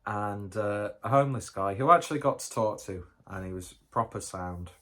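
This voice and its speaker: Man, deep low voice, loose rambling jokey beer-vlog delivery. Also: moderate pace, few pauses, a bit bright. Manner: rambling, jokey, self-mocking. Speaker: beer reviewer. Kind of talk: casual review vlog.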